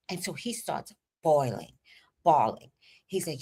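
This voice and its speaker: Husky, low-pitched, and brisk, this female livestream host recounts a frank story from her own life. Her delivery is lively and foul-mouthed, alternating between booming stresses and quiet side remarks.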